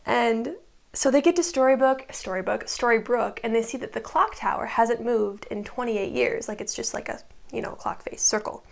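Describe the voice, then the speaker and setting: A chatty woman recapping a show in a loose, casual way. Her voice sits a little high and carries a gravelly, fry-tinged edge. She fills her talk with "like" and drops quick whispered asides. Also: steady tone. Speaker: recap video host.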